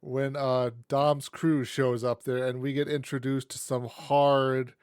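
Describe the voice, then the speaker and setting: A man's voice: mid-range voice, little pitch movement, slow, darkish tone, clear, resonant tone, no echo, studio quality. A man co-hosting a podcast in a laid-back way, steering the chat back to the topic. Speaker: podcast co-host.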